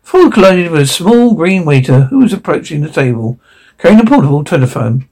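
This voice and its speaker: Male audiobook narrator, high voice, very animated, gravelly texture, trips over words. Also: fairly quick. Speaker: audiobook reader.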